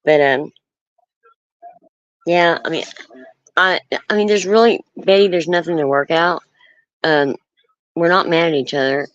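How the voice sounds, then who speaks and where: A livestream host in casual talk, speaking earnestly and firmly about setting boundaries, halting often with ums and restarts. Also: medium pitch, a bit bright, dry recording. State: nervous. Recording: dull lo-fi stream audio.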